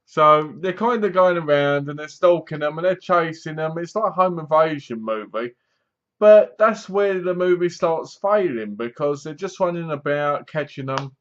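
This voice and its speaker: A man's voice: fairly high pitch, animated, moderate pace, a bit bright. A man casually reviewing a horror film, retelling it in a rambling, chatty way with asides. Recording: dull lo-fi recording.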